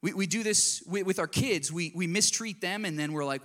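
A man's voice: high voice, moderate pace, bright, forceful tone. A man preaching a sermon to his congregation, earnest and conversational, often asking them direct questions. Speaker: pastor.

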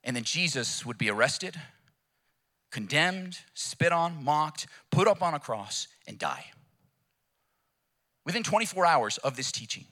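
Pastor, bright forceful tone, lively sermon delivery. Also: male voice, on the high side, a little slow, long pauses. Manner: animated, emphatic storyteller.

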